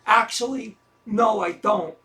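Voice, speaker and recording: A man's voice: high voice, takes it slowly, sharp tone, full character voice. An actor in an audio drama playing a self-deprecating man who talks with dry, wry sarcasm. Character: self-deprecating sarcastic middle-aged man, troubled lover.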